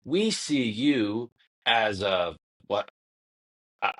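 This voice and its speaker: Low-voiced man telling long stories. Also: animated, drawn-out words, fairly bright tone. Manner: long-winded storytelling, acts out quotes. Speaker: podcast guest, former basketball player. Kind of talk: casual conversation.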